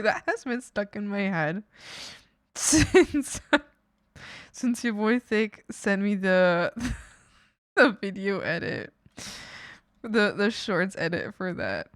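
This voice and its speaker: A woman's voice: medium pitch, very animated, slow pace, long pauses, dry recording, studio quality. A woman streamer chatting casually with her viewers while she draws, giggling often and teasing them playfully. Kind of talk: casual live-stream chat while drawing.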